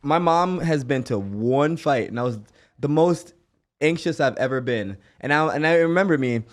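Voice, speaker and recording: Expressive man in casual chat. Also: a little high, moderate pace. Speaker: fighter.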